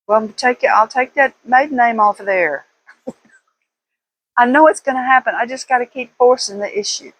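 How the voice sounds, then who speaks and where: An older woman, talking casually to her viewers in a slow, rambling way with pauses and fillers. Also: medium pitch, low-quality recording. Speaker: vlogger.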